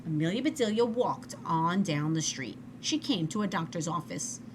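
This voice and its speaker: A woman reading a children's story aloud in an expressive, animated way. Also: lowish voice, normal speed, background noise. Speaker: storybook reader.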